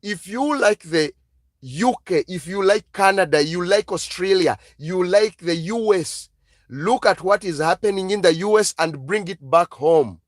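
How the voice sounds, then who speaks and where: An online channel host, an African man with an African accent, delivers an impassioned live-stream monologue packed with emphatic, repeated exhortations. His voice sits high and his pace is measured. The sound is clean studio quality with no echo.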